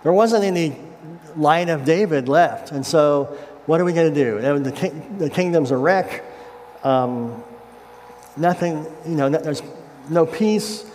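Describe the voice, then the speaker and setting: A man's voice: a little high, measured pace, a little mellow, slight background noise. A man, a pastor, giving a casual, conversational sermon. He retells a scripture story in everyday words and checks in with the congregation. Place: church sanctuary. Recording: echoey hall with faint ambience.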